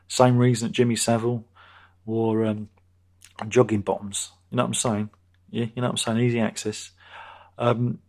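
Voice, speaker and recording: On a relaxed live stream, a fiftysomething British host wanders through what viewers write, tossing in crude asides and saying things again and again. The voice is mid-range, a touch mellow, with a breathy edge.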